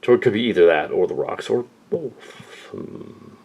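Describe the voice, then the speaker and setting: A young man improvising deadpan voice acting for a fan-film parody, with muttered asides. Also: lowish voice, normal speed, creaky, breathy edge, muffled recording.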